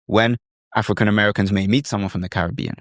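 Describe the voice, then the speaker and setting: A man hosts a podcast conversation in a low, steady voice. He speaks thoughtfully, pausing with fillers as he searches for words. The sound is dry and close, with no room echo.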